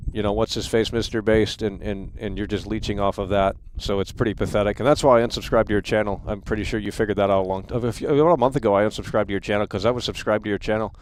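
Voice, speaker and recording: A man's voice: on the low side, steady tone, fast talker, few pauses, a little mellow, clear, resonant tone, dry recording. A man in his thirties hosting a live stream, ranting in a heated, profane way and stumbling over repeated words. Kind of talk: angry livestream rant.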